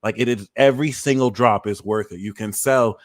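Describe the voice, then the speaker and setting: With a lowish voice and a slightly quick delivery, the astrology livestream host goes on animated, comedic rants, full of slang and profanity, cracking himself up at his own jokes.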